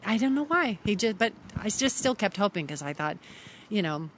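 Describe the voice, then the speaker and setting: A woman's voice: mid-range voice, moderate pace, slight background noise. A middle-aged woman from Kentucky, a podcast guest telling a story and acting out the lines of the people in it. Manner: animated, acts out others' lines when quoting them. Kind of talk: storytelling in casual conversation.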